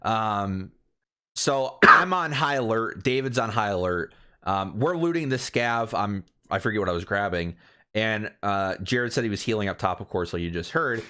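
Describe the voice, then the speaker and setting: A man's voice: fairly low pitch, moderate pace, clear, resonant tone. A man co-hosting a podcast, telling gaming stories blow by blow in casual chat. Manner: animated, blow-by-blow storytelling. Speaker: podcast co-host.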